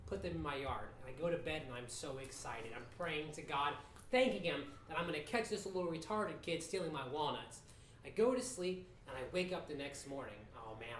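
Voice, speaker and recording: A man telling a comic story in a confessional, deadpan way, with casual profanity, in an echoey room. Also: on the high side, a little fast, slight background noise. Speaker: stand-up comedian.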